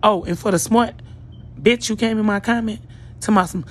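A woman's voice: medium pitch, a little fast. A woman vlogger delivering a blunt, profane, scolding rant straight to her viewers, sounding like she just woke up. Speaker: YouTube vlogger. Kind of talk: ranting commentary vlog.

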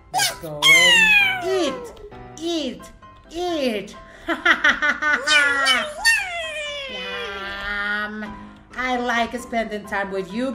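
A woman's voice: on the high side, full character voice. A woman voicing a gleeful, hungry cat monster in a playful game role-play, giggling, meowing and taunting. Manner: giggly, meows between lines, taunting. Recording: echoey room with loud game music.

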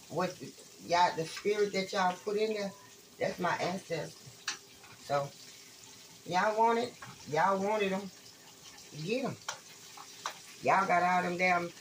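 A woman's voice: fairly low pitch, slight background noise, rough recording. A woman chatting bluntly and profanely to her viewers while frying food in her home kitchen, calling them y'all. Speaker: online spiritual reader. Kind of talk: casual rambling talk to viewers.

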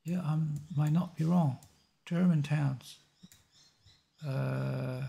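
A man hosting a map-guessing game video, thinking aloud in a halting, musing way with short chuckles. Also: fairly high pitch, steady tone, creaky, mellow, husky.

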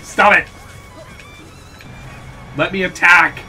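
A young man giving excitable casual commentary while playing a video game, yelping and laughing as he goes. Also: sits high, slow pace. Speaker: gaming channel host. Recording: background game music.

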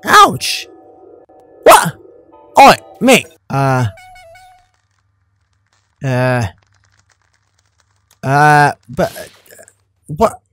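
A man hosting a let's play, commenting in an excitable, joking way with loud outbursts. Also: mid-range voice, very slow, long pauses, clear, resonant tone, no echo, soft background music. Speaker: gamer, channel host.

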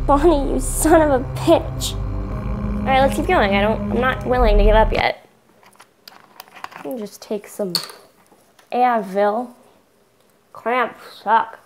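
In a low-quality recording with music underneath, a young woman with a high-pitched voice provides let's play commentary. She's a gaming YouTuber at home, a cat nearby, swearing out of frustration and arguing with the characters of the horror game she's playing.

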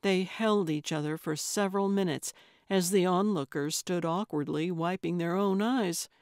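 A woman narrating a cozy mystery audiobook in a measured, even manner. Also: on the low side, no echo, clean studio sound. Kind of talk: scripted narration.

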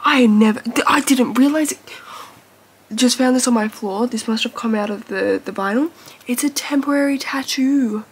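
A woman's voice: on the high side, normal speed, breathy edge. A young woman talking casually to camera at home as a vlogger, chatty and gushing with lots of fillers. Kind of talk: casual vlog chat.

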